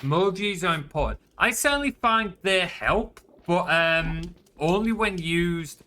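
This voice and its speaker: Bright-voiced man explaining at length. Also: sits high, lively intonation, measured pace, a little hiss or hum. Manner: explanatory, filler-heavy, many "like"s. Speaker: server player. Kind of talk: casual voice chat while gaming.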